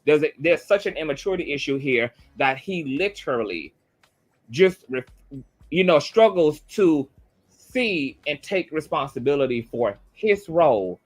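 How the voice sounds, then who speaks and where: A man's voice: a little high, big pitch swings, measured pace. Blunt, profane male commentator. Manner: blunt, profane, repeats points for emphasis. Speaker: online commentator. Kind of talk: heated commentary monologue.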